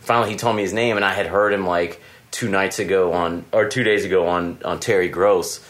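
A man with a low voice hosts a relaxed conversation in a hotel room. He rambles through stories and acts out both sides of phone calls. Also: a little fast. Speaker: podcast host. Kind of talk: casual chat.

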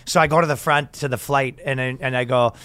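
A man's voice: medium pitch, fairly quick, clear, resonant tone, no room sound. A man co-hosting a casual comedy podcast, telling a story with lots of laughter and acted-out quotes. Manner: animated storyteller, laughs often, acts out quoted people. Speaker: podcast co-host.

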